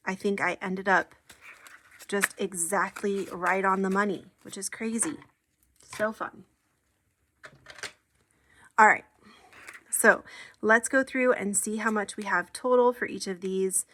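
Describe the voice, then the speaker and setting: Slow, chatty woman counting cash. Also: medium pitch, fairly even intonation, a bit bright, a little hiss or hum. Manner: counts money aloud, chatty and upbeat. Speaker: savings challenge creator. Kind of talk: casual chat while counting cash.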